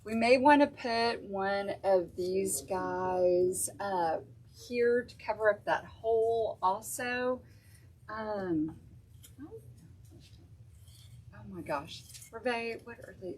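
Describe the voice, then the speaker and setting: A woman's voice: mid-range voice, very slow, a little mellow, a little hiss or hum, rough recording. A woman hosting a casual craft stream, chatting and thinking aloud as she works. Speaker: craft show host. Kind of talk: casual craft livestream chat.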